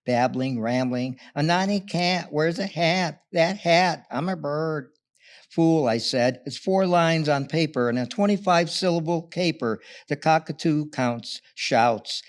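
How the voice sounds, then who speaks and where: A man reading his own playful poem aloud at a poetry event, loudly and with voices for his characters. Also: a little high, measured pace. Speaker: local poet.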